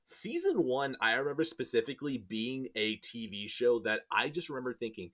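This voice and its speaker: A man in casual podcast chat who rambles and jokes his way through, now and then losing his thread mid-sentence. His pitch sits in the middle of the male range. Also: very animated, moderate pace, fairly bright tone. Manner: rambling, jokey, loses his train of thought. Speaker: podcast host.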